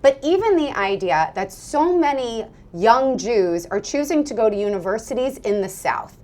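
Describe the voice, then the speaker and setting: A woman's voice: on the high side, moderate pace. An American woman in her forties, a guest speaking fluently and with animation in an interview. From United States. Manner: fluent, animated, often laughing. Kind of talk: interview conversation.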